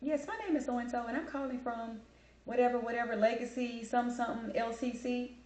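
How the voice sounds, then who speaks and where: A woman's voice: on the high side, fairly quick, darkish tone, echoey room, voice pushed up, close to an everyday voice. Woman mocking a mumbling scam caller.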